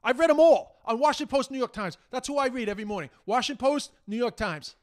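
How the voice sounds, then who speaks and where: An Irish man talks through a solo podcast rant, his voice riding high for a man. He sounds exasperated and heated, swearing freely and slipping into mocking impressions as he goes. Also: expressive, quick pace. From Ireland. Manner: heated, exasperated, profane, mocks quoted speech. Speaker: podcast host. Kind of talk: casual monologue rant.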